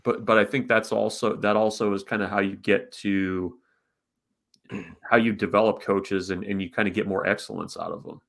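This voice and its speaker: A man's voice: lowish voice, steady tone, normal speed, vocal fry, a bit bright. A man co-hosting a sports podcast, asking long, winding questions and often repeating his words as he talks. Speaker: podcast co-host. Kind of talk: casual sports podcast chat.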